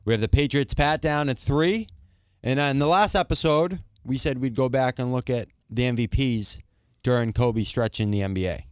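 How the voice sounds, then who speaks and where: A man, co-hosting a casual sports podcast, calmly running through the episode's segments. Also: medium pitch, moderate pace, smooth, no echo, studio quality. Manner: steady show-runner, reads the segment lineup. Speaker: podcast co-host.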